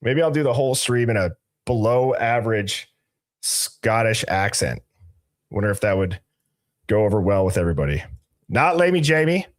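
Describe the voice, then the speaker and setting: A man's voice: fairly low pitch, big pitch swings, moderate pace, pauses often. A man hosting a casual live stream, reading out viewer names from the chat with loose, jokey asides. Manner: greets viewers by reading chat usernames aloud. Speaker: livestream host.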